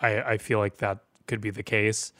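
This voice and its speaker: A man's voice: on the low side, level tone, moderate pace, a bit bright, no room sound, clean studio sound. A man co-hosting a music podcast, chatting in a laid-back, jokey way with sarcastic asides. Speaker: podcast co-host. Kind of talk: casual chat.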